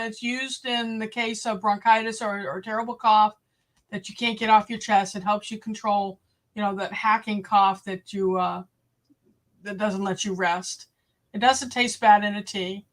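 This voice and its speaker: A woman's voice: mid-range voice, a bit bright. A woman hosting a casual livestream, chatting directly with her viewers. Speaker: homestead livestream host. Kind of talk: casual live-stream chat.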